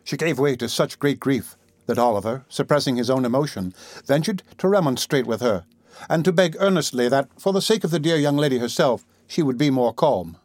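A man narrating a classic novel as an audiobook, in a measured, even manner. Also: medium pitch, no room sound, studio quality.

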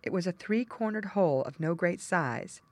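A woman narrating an audiobook fairy tale in an expressive storytelling manner, close to the mic. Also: on the low side, moderate pace, no echo.

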